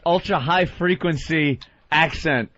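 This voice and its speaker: A man's voice: a little high, unhurried, fairly bright tone, no echo. A man co-hosting a radio show, joking and swearing in casual banter. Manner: joking, profane. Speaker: radio co-host. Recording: dull lo-fi radio broadcast.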